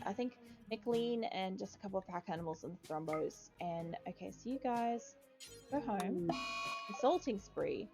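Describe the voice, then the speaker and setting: Young woman chatting while she plays a game, rambly, cusses at her characters, mid pitch, bit of music low behind. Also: a little mellow. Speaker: streamer. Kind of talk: casual gameplay commentary.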